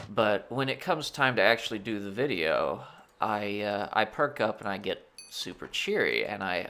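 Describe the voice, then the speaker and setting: A man's voice: on the low side, fairly bright tone, a little hiss or hum. Congested man talking candidly. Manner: reflective, halting with fillers. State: congested and ill. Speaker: gaming channel host. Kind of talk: candid personal talk while playing.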